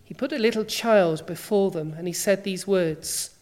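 A woman's voice: medium pitch, normal speed, hardly any pauses, darkish tone. A woman preacher delivering a sermon, emphatic and full of rhetorical questions.

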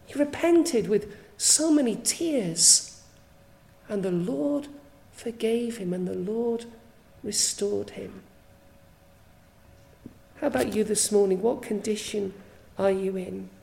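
A woman preaches a sermon with a mellow, fairly high voice. She sounds earnest and pleading and often turns to put direct questions to her listeners. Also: creaky, echoey room, poor audio.

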